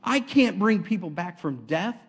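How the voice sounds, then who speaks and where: Man doing a panicked king, alarmed, exasperated, high-pitched. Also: animated, normal speed, slightly rough.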